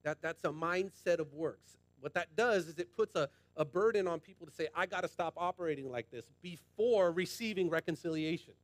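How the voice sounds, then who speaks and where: Male pastor, high voice, passionate colloquial sermon, dry close sound. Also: fairly quick, few pauses, dry recording. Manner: passionate, emphatic preaching with repetition; colloquial, addresses congregation as y'all.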